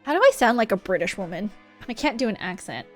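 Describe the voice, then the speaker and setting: A woman's voice: mid-range voice, big pitch swings, fast talker, faint music behind. Bubbly giggly woman streamer. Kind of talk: live game stream chat.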